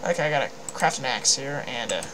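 Over a noisy background, a woman with a very deep voice talks quickly and animatedly while playing a game. Her casual chatter is giggly and meandering, full of self-deprecating laughs.

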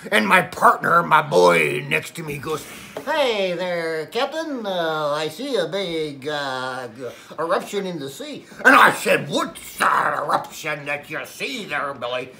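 A boastful old sea captain, gravelly and bright-edged, as a woman puts him on. His rambling yarn swoops wildly up and down in pitch. It is a theatrical comedy sketch. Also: sing-song, measured pace, full character voice. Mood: excited. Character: boastful old male pirate captain, rum-loving storyteller.

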